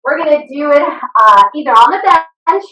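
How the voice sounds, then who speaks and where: Woman, fitness instructor, high lively voice, upbeat, encouraging, cheering, echoey room, distant video call mic. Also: normal speed. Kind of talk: live online workout coaching. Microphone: video call computer mic.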